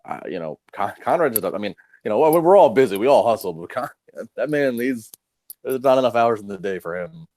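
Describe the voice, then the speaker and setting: A young man co-hosting a wrestling podcast, talking casually and quickly with stammered restarts. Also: medium pitch, animated, darkish tone, dry recording. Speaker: podcast co-host.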